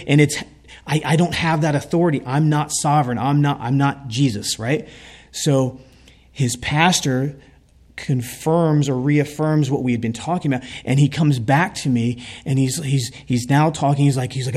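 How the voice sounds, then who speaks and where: A man's voice: mid-range voice, normal speed, a little mellow, slightly rough. A man telling a heartfelt story in a sermon, speaking earnestly as a preacher.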